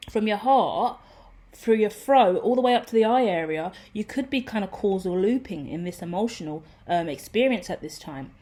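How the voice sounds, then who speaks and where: A woman reads tarot cards for her viewers in a loose, rambling way, swearing casually and laughing at herself. Her voice is mellow and warm, at a middle pitch for a woman. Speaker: tarot reader.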